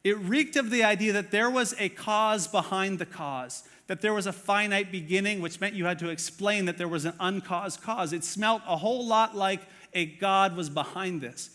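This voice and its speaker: A man's voice: high voice, moderate pace, few pauses, pushed and bright, long reverb tail. A man preaching a sermon as pastor, earnest and conversational, with many fillers and questions to the congregation. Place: church auditorium.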